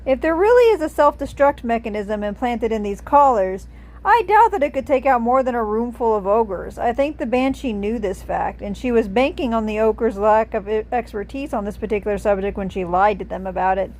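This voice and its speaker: A woman's voice: a little high, lively intonation, fairly quick, darkish tone, close to an everyday voice, poor audio. A woman reading aloud, voicing a thoughtful, analytical young woman who reasons in an earnest way.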